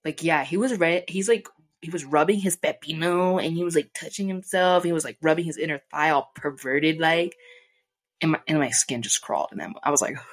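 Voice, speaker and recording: A young woman vlogger casually telling a profane, animated story, acting out the people she quotes. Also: low voice, fairly quick. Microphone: desk mic.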